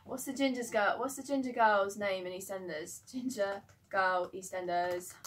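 A young woman in a casual vlog chat at home, excitable and rambling, swearing often. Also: medium pitch, normal speed. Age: young adult. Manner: chatty, excitable, swears a lot, rambling asides. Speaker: singer-songwriter.

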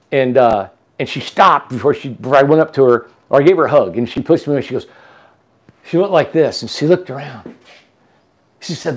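A man hosting a casual chat, telling a long story with restarts and asides. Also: mid-range voice. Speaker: host.

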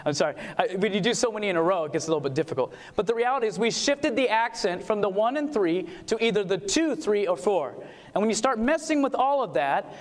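A man gives an animated seminar talk on music, firing questions at his listeners and breaking into short sung examples. His voice sits high, and a long reverb trails it through the hall. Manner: animated, asks the audience questions, sings short demos.

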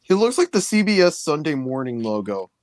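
Laid-back man with a lively voice. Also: a little high, brisk, a little hiss or hum. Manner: laid-back, laughs often. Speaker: stream co-host. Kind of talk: casual chat on a live stream.

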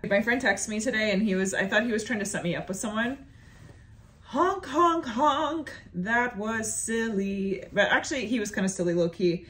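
A woman's voice: medium pitch, fairly quick, hardly any pauses, a bit bright. A young adult woman, a stand-up comedian, talking to camera in a sassy, playful monologue and stretching words out for emphasis.

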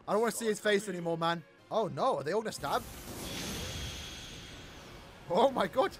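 A man hosting an anime reaction video, reacting loudly with shouts and drawn-out cries, then recapping in a calmer, rambling way. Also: high voice, faint music behind. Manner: hyped, shouts and stretches out words in dismay. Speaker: anime reaction channel host. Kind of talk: excited anime reaction commentary.

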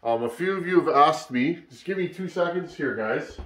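In an echoey workshop, a man with a higher voice hosts his chainsaw repair channel, chatting at a moderate pace. He's from Canada and tired after a long work week, so his shop talk is laid-back and rambling, thick with "uh" fillers.

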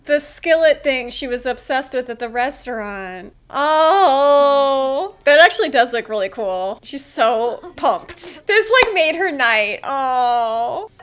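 A woman hosting a drama reaction video, excitable and emotional, laughing and gasping often. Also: a little high, measured pace, few pauses. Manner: emotional, near tears. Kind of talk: casual drama reaction commentary.

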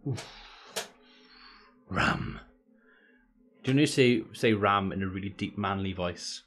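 A man's voice: low voice, a little fast, a bit bright. Jokey man streaming games. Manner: jokey, swears freely, chatty asides to viewers. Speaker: gaming streamer. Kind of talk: casual live stream chat.

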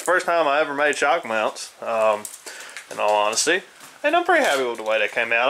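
A man with a mid-range voice, pushed and bright, vlogs about his DIY truck work from inside his house, sounding groggy like he just woke up. He rambles loosely with plenty of ums and uhs, and the audio is poor with slight background noise.

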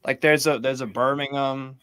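A man's voice: medium pitch, steady tone, moderate pace, a crowd in the background. A man from New England co-hosting a football watchalong, casual and laid-back, swearing freely. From New England, USA. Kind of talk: casual live commentary chat.

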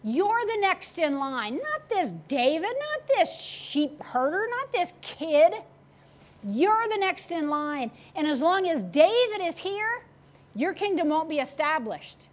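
A woman's voice: very high voice, sing-song, slow pace, full character voice. A woman voicing an angry, scheming older king who coaxes his son in a sermon retelling. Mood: persuasive.

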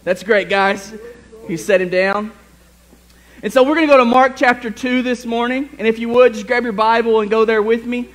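A man preaching a lively sermon to his church congregation, joking with the crowd and reading scripture aloud. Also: very high voice, normal speed, low-quality recording. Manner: energetic, jokey, speaks to the congregation. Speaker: pastor. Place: church sanctuary.

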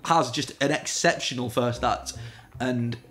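A man's voice: mid-range voice, a bit bright. A man co-hosting a film review show, chatting in a casual, opinionated way and joking often. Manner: chatty, opinionated, quick to joke.

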